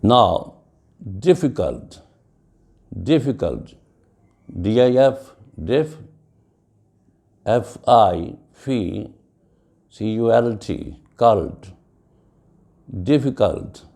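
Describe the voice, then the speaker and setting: A man teaching a lecture on pronunciation, speaking slowly and deliberately and spelling words out letter by letter. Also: mid-range voice, very animated, warm tone. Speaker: English teacher. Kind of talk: classroom lecture.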